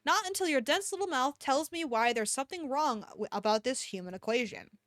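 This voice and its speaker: A woman's voice: high-pitched, lively intonation, a bit bright, no room sound, clean studio sound, voice pushed up. A woman reading aloud as a sly teenage boy who taunts and teases with a mocking drawl. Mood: taunting. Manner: mocking, drawn-out teasing.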